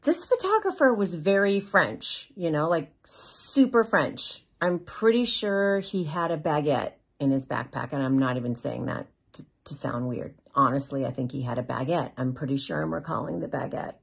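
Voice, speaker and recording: A woman's voice: sits low, animated, normal speed, gravelly, few pauses, husky. A woman vlogger telling a personal story in a candid, confessional way with self-deprecating humor.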